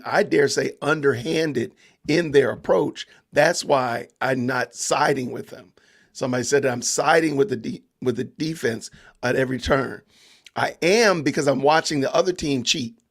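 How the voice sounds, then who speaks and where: A man hosting a live-stream podcast, commenting on a trial with emphatic repetition and reading out greetings from chat viewers. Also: fairly high pitch. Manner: emphatic, repeats himself for stress. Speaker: podcast host.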